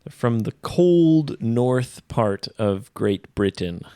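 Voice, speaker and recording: A man co-hosting an English-learning podcast, talking casually, slowly and clearly, explaining phrases as he goes. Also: medium pitch, animated, mellow, dry recording, clean studio sound. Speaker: podcast co-host and English teacher.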